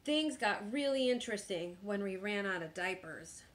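A woman teacher reading a picture book aloud in a slow, expressive storytime manner. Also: mid-range voice.

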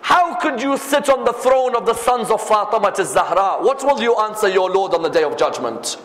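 A man's voice: high voice, animated, normal speed, fairly bright tone. A man voicing a wise holy fool who pretends to be mad, speaking earnestly. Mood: reproachful. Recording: echoey hall reverb.

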